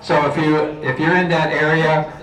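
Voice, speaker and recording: A man's voice: a little high, level tone, moderate pace, a bit bright. A man, president of a political group, giving a plain, announcing speech to a crowd. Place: event hall. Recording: echoey room, from far off, crowd noise.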